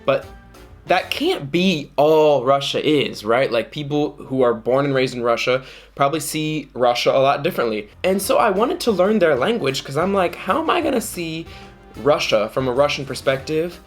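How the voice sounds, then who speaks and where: A man telling a dating story to camera in a casual, jokey way, often jumping into high mock voices. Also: expressive, moderate pace, faint music behind.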